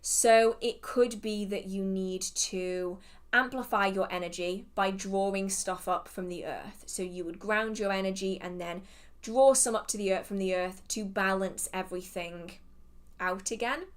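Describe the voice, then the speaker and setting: A woman's voice: medium pitch, steady tone, a little slow. A woman with an English accent hosting a casual livestream Q&A, chatty and self-deprecating, laughing often and muttering to herself between questions. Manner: hums and mutters to herself while scrolling. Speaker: host of a live witchcraft Q&A.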